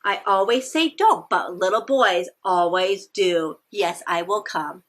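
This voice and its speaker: A woman voicing Mister Carp, a calm grown man who cares for fish in a children's picture book, speaking slowly and patiently. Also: medium pitch.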